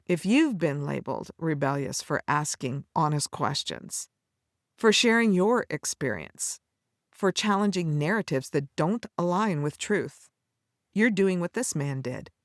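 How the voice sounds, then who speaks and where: A woman's voice: low voice, animated, measured pace, no room sound, studio quality. A woman podcast host giving a scripted devotional Bible teaching, speaking tenderly to the listener as a friend and telling the story with a dramatic cadence.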